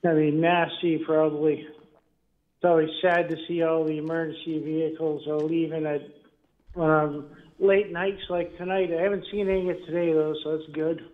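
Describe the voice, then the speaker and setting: A man's voice: a little high, flat delivery, normal speed. A man calling in to a radio show, chatting in an easygoing, rambling way. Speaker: caller. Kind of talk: casual phone-in chat. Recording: tinny phone line.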